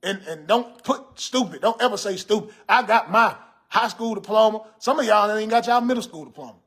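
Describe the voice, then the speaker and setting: This comedic livestream has a man in his 50s, in character as a gray-haired, old-school uncle full of sass, reading viewer comments and alternately scolding and joking. His voice sits high and runs a little fast, with a fairly bright tone. He records in a room at home on a phone attached to a ring light.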